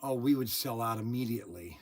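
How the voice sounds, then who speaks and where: A man hosting his channel from a workshop, chatting and telling stories excitedly with lots of exclamations and restarts. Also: medium pitch, fairly quick. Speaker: channel host. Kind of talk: casual chat in the shop, partly on the phone.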